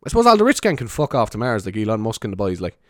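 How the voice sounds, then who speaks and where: A man's voice: on the low side, wildly swooping pitch, racing, fairly bright tone, no room sound, clean studio sound. A young man with a Cork Irish accent, chatting casually to camera, rambling, swearing often and laughing at himself. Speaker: vlogger. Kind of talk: casual rambling vlog chat.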